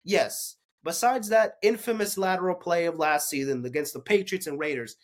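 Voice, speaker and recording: Talking at normal speed with hardly any pauses, this young sports-recap host has a voice that sits high. He rants profanely, flaring up one moment and muttering in defeat the next.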